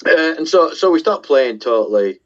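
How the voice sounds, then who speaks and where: Very animated and speaking at a moderate pace, a middle-aged Yorkshire man with a fairly high voice guests as a musician. He shares casual stories, poking fun at himself and swearing now and then, over dull audio.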